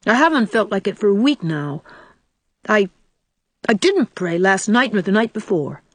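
Little boy, anxious and blunt, read by a woman narrator: quick, high, pleading. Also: very animated, no echo.

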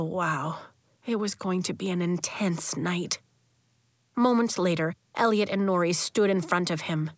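A woman narrating a children's novel with an expressive storytelling delivery, close to the mic. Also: medium pitch, dry recording. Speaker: audiobook narrator.

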